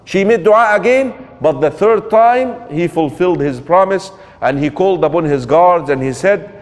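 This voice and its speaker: A man's voice: high voice, lively intonation, normal speed, hardly any pauses. Man lecturing with hall reverb. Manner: asks the audience rhetorical questions; mixes in quoted Arabic phrases. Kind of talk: religious lecture, storytelling.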